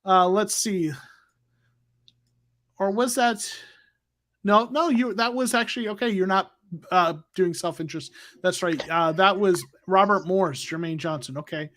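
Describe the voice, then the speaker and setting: A man with a notably high voice hosts a casual livestream. He rambles in a loose, chatty way, full of ums and restarts, and talks into a new microphone from a home streaming setup. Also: unhurried, a bit bright. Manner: rambling, many fillers and restarts. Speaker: livestream host.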